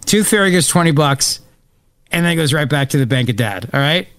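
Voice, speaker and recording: A male radio host banters with his co-hosts in a loose, joking way and keeps acting out little voices. His voice sits a touch high, and the studio sound is close and dry. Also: fairly quick, no echo. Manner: animated, joking, acts out voices. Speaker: radio talk show host. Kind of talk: casual chat.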